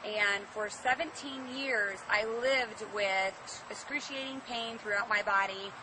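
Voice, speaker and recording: A woman's voice: mid-range voice, measured pace. A woman telling a sincere personal testimonial in a plain-spoken way. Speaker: customer giving a testimonial. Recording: distant mic with noisy outdoor ambience.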